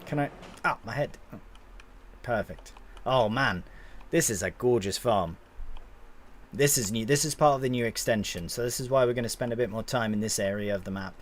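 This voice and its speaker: A man's voice: medium pitch, normal speed, slight background noise. Chatty male live streamer. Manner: chatty, greets chat, swears casually. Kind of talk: casual gameplay live-stream commentary.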